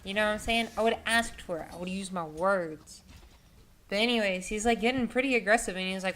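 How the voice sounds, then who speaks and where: A woman's voice: medium pitch, brisk, fairly bright tone, slight background noise. A young woman vlogger telling a story in a casual, rambling way, full of filler words and swearing.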